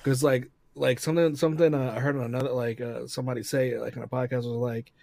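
Male podcast co-host, laid-back fan talker, slangy, halting, dry call audio. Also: mid-range voice, vocal fry, no echo. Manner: relaxed, slangy, halting with restarts. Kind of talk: casual chat over a video call. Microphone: video call.

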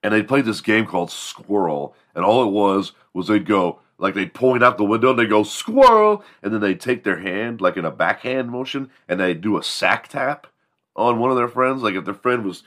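A man's voice: fairly low pitch, normal speed, a bit bright. A man hosting a morning show, telling rambling, profane comedic stories. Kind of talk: comedic storytelling.

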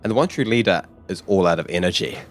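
A man narrating a tabletop game as game master, vivid and halting with restarts. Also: sits low, expressive.

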